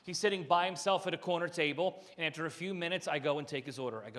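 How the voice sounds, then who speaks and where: Bright-voiced man doing stand-up. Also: fairly high pitch, fast, big-room sound. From Philadelphia area. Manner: storytelling with punchy asides, acting out quotes. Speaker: stand-up comedian. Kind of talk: stand-up comedy set. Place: country club room, live audience.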